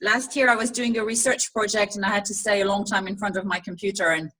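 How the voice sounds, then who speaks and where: A woman's voice: medium pitch, fairly even intonation, fast, bright, forceful tone, low-quality recording. A woman volunteer on a video call, chatting casually about her dog and laughing as she tells the story. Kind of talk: casual anecdote.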